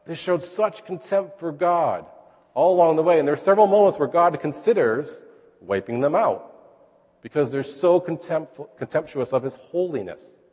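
Husky-voiced preacher in a reverberant hall. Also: male voice, a little high, lively intonation, normal speed, darkish tone. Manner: conversational, explaining scripture with verbal checks. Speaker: pastor. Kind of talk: sermon.

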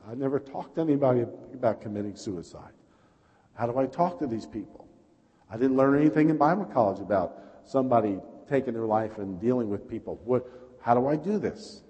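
A male pastor with a New York accent delivers a passionate, story-driven sermon in a mid-pitched voice. He keeps calling out to the congregation. A long echo from a large church hall follows his words. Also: animated, brisk, dark tone, breathy edge, highs cut off. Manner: passionate storytelling preacher, calls out "Amen?". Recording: reverberant hall.

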